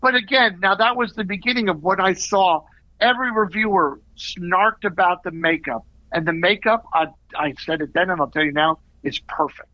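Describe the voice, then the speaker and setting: A middle-aged man, an actor being interviewed, telling animated stories with quick asides. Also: sits high, no echo. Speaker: actor guest. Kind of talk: casual interview storytelling. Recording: dull lo-fi audio.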